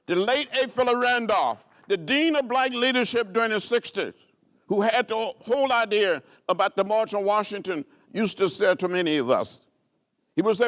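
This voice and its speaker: A man's voice: expressive, moderate pace, fairly bright tone. A man, giving an award speech that moves from story to stirring oratory with repeated, rising phrases. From rural Alabama. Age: 70s. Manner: preacher-like cadence with rising repeated phrases and big pitch swings. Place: indoor gala event.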